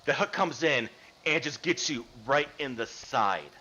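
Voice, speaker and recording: A man running a tabletop game as game master over a video call, narrating and explaining the rules in an animated way. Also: mid-range voice, measured pace, slight background noise. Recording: dull lo-fi mic.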